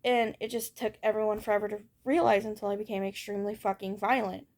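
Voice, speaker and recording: A woman's voice: mid-range voice, level tone, fast, darkish tone. A young woman giving a candid personal monologue as a vlogger. She talks in a raw, blunt way, swears and circles back over her thoughts. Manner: ranting.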